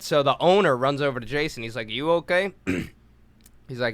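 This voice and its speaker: A man's voice: mid-range voice, brisk, sharp tone, smooth, dry recording. A young man telling a rambling story on a casual podcast, swearing freely and acting out quotes. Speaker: podcast co-host.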